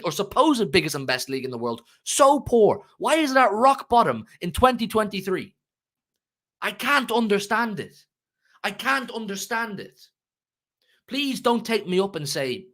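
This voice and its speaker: A man's voice: high-pitched, pushed and bright. A man hosting a fan channel, ranting emotionally about football to his live chat and repeating himself for emphasis.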